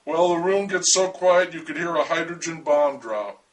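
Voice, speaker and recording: A man reads a first-person story aloud with dry, wry humor. His voice sits a little high for a man. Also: animated, moderate pace, recorded from a distance, rough recording.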